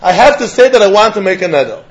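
High-voiced man giving a Talmud lecture. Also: quick pace, muffled recording. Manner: lively, questioning, mixes English with Yiddish and Hebrew terms. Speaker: Talmud teacher.

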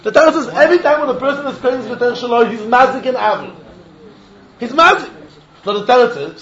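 A man giving an animated Talmud lecture, acting out both sides of a dispute in the first person. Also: very high-pitched, fast talker, lo-fi sound. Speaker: Talmud teacher.

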